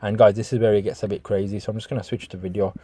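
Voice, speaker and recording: A man's voice: lowish voice, level tone, racing, mellow, breathy edge. A man hosting a casual reaction video, swearing constantly, rambling through restarts and calling his viewers guys.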